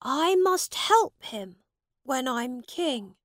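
A woman voicing a young boy king who is proud and earnest, speaking in a high, commanding voice. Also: very animated, extremely slow, fairly bright tone, no room sound, clean studio sound, full character voice.

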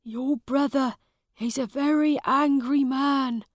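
A woman's voice: high-pitched, fairly even intonation, slow, no echo, studio quality, voice pushed up. A woman voicing a small, worried, loyal old manservant in a storybook reading.

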